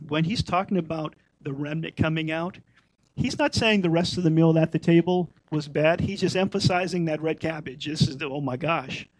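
A man's voice: a little high, moderate pace, no echo, poor audio. A middle-aged man giving an informal Torah teaching, talking conversationally and repeating his points for emphasis.

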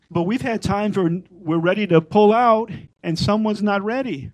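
Higher-voiced man teaching, repeating for emphasis. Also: normal speed, hardly any pauses, no room sound, rough recording. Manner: conversational, repeats points for emphasis. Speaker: Messianic Torah teacher. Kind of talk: informal Torah teaching.

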